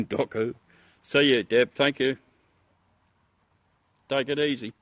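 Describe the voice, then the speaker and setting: A middle-aged Australian man chats casually with livestream viewers while showing them the moon through a telescope, joking, swearing and laughing often. His medium-pitched voice is a bit bright with fairly even intonation, slow-paced, with no echo.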